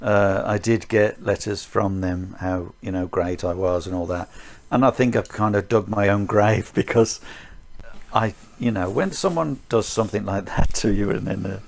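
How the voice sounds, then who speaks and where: A martial arts teacher co-hosting a podcast, rambling with dry humor. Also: male voice, on the low side, normal speed, gravelly. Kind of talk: casual chat. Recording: faint background noise.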